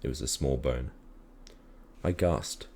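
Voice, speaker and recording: A man calmly reading a children's story aloud in a measured storytelling manner. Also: rumbling low, slight background noise. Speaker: reader.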